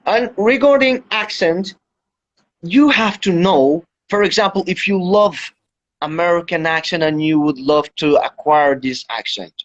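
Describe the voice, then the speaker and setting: A man's voice: high voice, measured pace. Man teaching English on a lo-fi live stream. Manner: explains step by step, instructive. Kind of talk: Instagram Live chat. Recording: dull lo-fi livestream audio.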